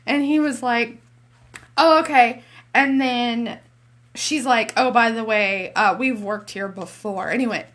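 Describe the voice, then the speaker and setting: A woman's voice: a little high, measured pace. A woman co-hosting a podcast, chatting casually about movies and acting out conversations with her husband. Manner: animated storyteller acting out conversations. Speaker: podcast co-host.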